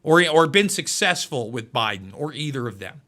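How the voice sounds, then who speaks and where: A man's voice: mid-range voice, very animated, normal speed, pushed and bright. A man hosting live political commentary, emotional and repeating himself as he stumbles over words.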